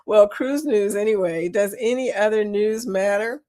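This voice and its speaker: Woman host, mid-pitched voice, chatty and quick to laugh while reading comments on a live chat. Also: warm tone. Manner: chatty, laughs often, keeps saying y'all. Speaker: livestream host. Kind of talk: casual livestream chat, reading viewer comments.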